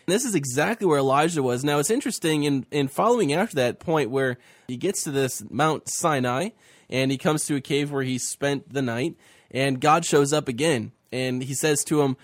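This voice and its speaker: A man's voice: mid-range voice, no room sound, clean studio sound. A man co-hosting a faith talk show, teaching a Bible story in conversation and acting out the speakers' lines with feeling.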